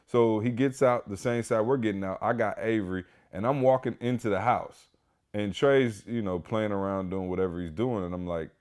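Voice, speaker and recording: A man hosts a podcast and tells a personal story in a loose, animated way. His voice sits on the low side, and he keeps stopping to address the listeners, full of fillers and restarts. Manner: animated, speaks straight to listeners. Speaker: podcast host. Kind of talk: casual storytelling.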